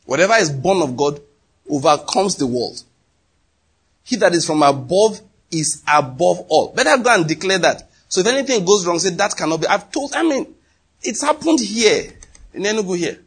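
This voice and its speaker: A man with a Nigerian accent preaching a sermon, emphatic and animated, often acting out what people say. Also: high voice, normal speed, husky. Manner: animated, emphatic, slips into acted quotes.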